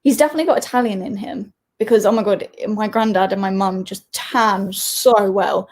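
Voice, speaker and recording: A woman's voice: mid-range voice, moderate pace. A young woman from England with an English accent, chatting as a guest in a bubbly, giggly way. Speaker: guest YouTuber. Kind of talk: casual interview chat.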